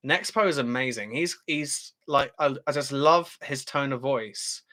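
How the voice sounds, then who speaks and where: A man's voice: mid-range voice, measured pace, sharp tone. A British man hosting a casual livestream, chatting as he reads out viewer comments, with frequent fillers and laughs. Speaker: channel host.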